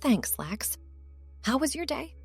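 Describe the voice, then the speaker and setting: A woman voicing a cheerful young female roommate with a higher, bright way of talking. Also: big pitch swings, slow pace, slightly rough, no echo, soft background music, full character voice. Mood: friendly.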